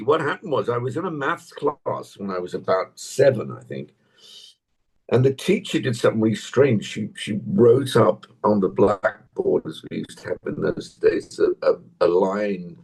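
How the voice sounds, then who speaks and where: Older English actor, gravelly low husky voice, rambling anecdotes on a video call. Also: male voice, animated, moderate pace. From England. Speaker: actor guest. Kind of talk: casual interview chat. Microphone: tablet on a video call.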